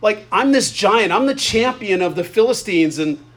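A man's voice: sits high, animated, normal speed, fairly bright tone. A man doing a boastful, insulted giant. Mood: indignant. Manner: indignant trash talk.

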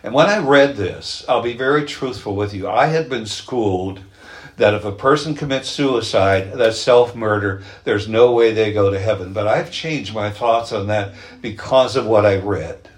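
A man preaching a sermon, telling illustrative stories in an earnest manner and slowing down on key phrases. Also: on the low side. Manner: earnest storytelling, slows down for emphasis.

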